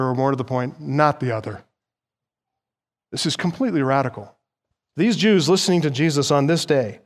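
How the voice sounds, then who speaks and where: Emphatic male preacher with a higher voice. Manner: emphatic, swings between soft and loud for stress. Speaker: pastor. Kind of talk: expository sermon.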